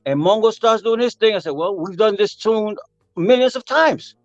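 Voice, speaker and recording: An older man, a percussionist, telling a story with animated energy, acting out voices and singing rhythms. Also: high-pitched, normal speed, no room sound, muffled recording. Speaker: percussionist guest. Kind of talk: storytelling interview.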